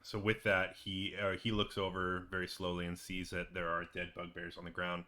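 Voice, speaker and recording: A man's voice: low voice, completely flat delivery, moderate pace, pushed and bright. A man running a tabletop game as game master, narrating with many hesitations and fillers.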